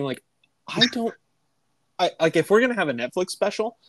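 A man's voice: high voice, big pitch swings, normal speed, a bit bright, dry recording. A man in his thirties, co-hosting a casual podcast chat late at night, rambling and swearing as he laughs through stories about his kid. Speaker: podcast co-host, parent.

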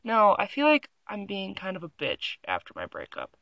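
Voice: medium pitch, huge pitch swings, normal speed, vocal fry, bright, forceful tone, dry recording. A young adult vlogger reading an article aloud at home into a phone, with sarcastic, giggly, rambling commentary. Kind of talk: casual reaction commentary. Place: room at home.

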